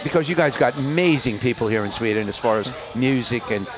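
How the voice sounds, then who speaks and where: A man's voice: medium pitch, brisk, over music. An older man from the United States, a rock singer giving a candid, profane interview outdoors at a festival. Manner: candid, profane, animated when telling stories. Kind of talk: casual interview storytelling.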